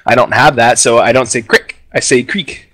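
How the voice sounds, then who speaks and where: A man's voice: medium pitch, fairly even intonation, moderate pace, fairly bright tone, dry recording. A man from South Florida in a casual chat, rambling and laughing as he talks.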